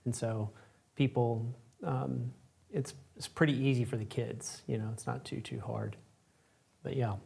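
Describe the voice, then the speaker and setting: A man's voice: medium pitch, steady tone, unhurried, gravelly, mellow, breathy edge. A man hosting a live-stream painting class, talking casually with lots of fillers. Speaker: art instructor and host.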